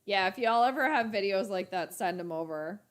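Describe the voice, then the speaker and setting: Animated woman livestream host. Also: mid-range voice, moderate pace. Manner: chatty, animated, talks to her chat. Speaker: sports channel host. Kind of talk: casual livestream reaction.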